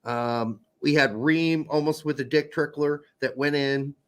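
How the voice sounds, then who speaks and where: A man co-hosting a podcast, chatting casually about a soccer match, animated and swearing freely. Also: fairly high pitch, a little slow. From Netherlands. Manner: animated, swears, acts out quotes. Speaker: podcast co-host. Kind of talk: casual sports chat.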